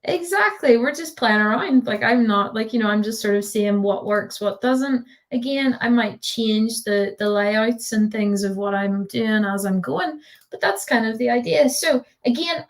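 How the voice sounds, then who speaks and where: A woman tutor giving a live online design tutorial over a video call, chatty and giggly with lots of fillers. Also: a little high.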